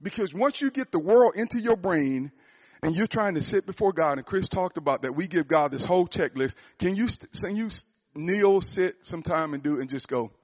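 Male preacher, high-ish voice, animated, muffled recording. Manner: animated preaching, rising loud for emphasis. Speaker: speaker at a church gathering. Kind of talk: sermon-style talk.

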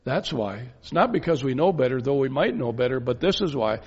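A man preaching a sermon, pressing his points with emphatic rhetorical questions and slow, stressed phrases. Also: medium pitch, lively intonation, darkish tone, husky. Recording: dull lo-fi sound with long reverb in a hall.

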